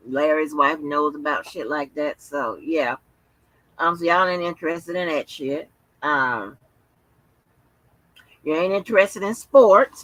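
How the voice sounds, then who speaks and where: The speaker is a tired livestream host in casual conversation with her viewers, swearing without restraint and talking through many fillers. Her low voice sounds pushed and bright, recorded roughly and without echo.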